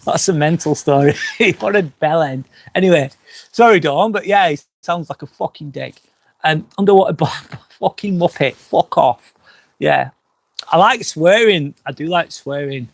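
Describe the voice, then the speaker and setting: A man hosting a casual live stream outdoors by a fire pit, a little drunk on wine, rambling through chat comments with lots of swearing and quick apologies. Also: a little high, creaky, no room sound. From England. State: tipsy from wine.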